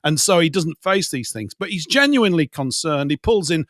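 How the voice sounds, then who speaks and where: A man chatting as a guest, enthusiastic and animated as he tells a story. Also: fairly high pitch, moderate pace, no echo, clean studio sound. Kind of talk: casual chat.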